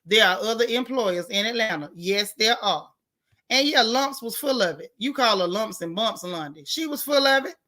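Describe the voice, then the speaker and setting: A woman hosting a casual live stream, reading viewer comments and giving outspoken, animated reactions in colloquial talk. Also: a little high, moderate pace. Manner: outspoken, animated, colloquial, talks back to the chat.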